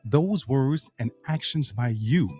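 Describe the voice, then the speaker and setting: A man's voice: medium pitch, expressive, slow pace. Blunt preachy man over faint music. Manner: preachy, direct, addresses listeners as family and fellas; blunt street slang and swearing. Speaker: speaker addressing men. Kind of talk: motivational monologue.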